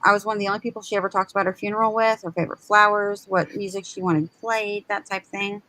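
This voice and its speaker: Animated woman telling a story. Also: medium pitch, fast, poor audio. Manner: animated storyteller acting out quotes. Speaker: live show co-host. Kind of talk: casual storytelling chat.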